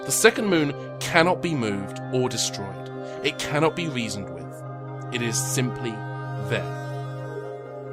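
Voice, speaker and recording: A male game master narrating a tabletop game in a dry, wry tone, often pausing on "uh" and "um". His voice sits at a middle pitch. Music plays clearly beneath him. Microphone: remote home mic.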